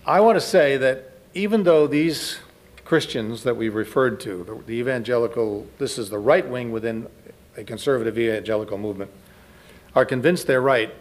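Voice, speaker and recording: A man giving a spoken lecture to a live audience, conversational, often turning to ask the listeners questions. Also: medium pitch. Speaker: lecturer speaking to a church audience.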